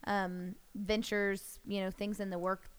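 A young woman guest on a podcast, talking casually and hesitantly with many pauses. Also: medium pitch, little pitch movement, smooth. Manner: hesitant, many fillers, plainspoken. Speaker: guest singer. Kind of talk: casual interview chat.

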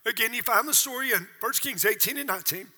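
Older male pastor, 60s, high bright husky voice, dramatic sermon delivery, long church-hall reverb. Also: quick pace. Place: church auditorium.

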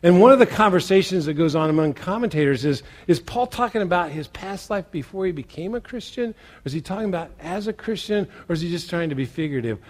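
Male pastor, conversational sermon delivery, fairly high voice, loud emphasis then quiet asides. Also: animated, fast talker, few pauses. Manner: conversational preaching with rhetorical questions.

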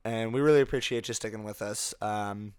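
A man speaks as host and game master of a tabletop podcast in a smooth, clear voice. He talks loosely, with plenty of ums and uhs. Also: lowish voice, brisk, no room sound, clean studio sound. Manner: relaxed, filler-heavy. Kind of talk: casual podcast chat.

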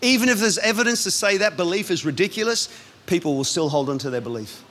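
A man, a pastor, preaching a sermon in a lively, punchy way with quick asides. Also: high voice.

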